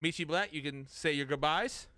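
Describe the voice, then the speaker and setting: A man's voice: fairly high pitch, moderate pace, pushed and bright, no room sound, clean studio sound. A man hosting a casual podcast chat, swearing freely and laughing often, a little buzzed and complaining of a sore throat. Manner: loose and profane, laughs often. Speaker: podcast host.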